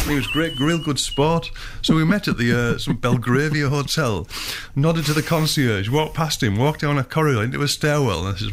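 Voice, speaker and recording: A man's voice: medium pitch, fairly quick, hardly any pauses. A man, a filmmaker guest telling long, rambling anecdotes in casual chat. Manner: rambling storyteller, many restarts.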